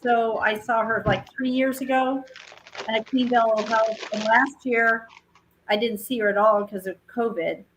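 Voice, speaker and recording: Chatty woman with a slightly high voice. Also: steady tone, measured pace, a bit bright, poor audio. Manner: chatty storyteller, acts out quotes. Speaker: show regular. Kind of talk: casual chat. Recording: faint background noise.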